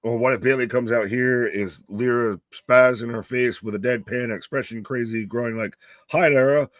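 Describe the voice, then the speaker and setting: A man's voice: mid-range voice, steady tone, normal speed, a bit bright, dry recording. A man co-hosting a live wrestling watch-along, joking around, laughing and swearing freely. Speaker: co-host.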